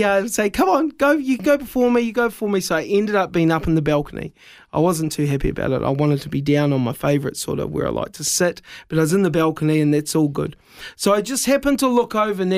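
Kiwi guy telling a story on radio, high voice, dramatic and self-mocking. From New Zealand. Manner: lively, self-deprecating, dramatic. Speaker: evangelist guest.

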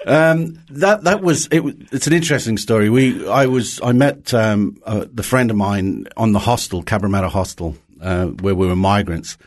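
Cheerful Scottish man, lowish voice. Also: moderate pace, hardly any pauses. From Scotland. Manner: cheerful, chuckling storyteller with frequent restarts. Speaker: pastor and songwriter, guest. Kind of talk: casual interview chat.

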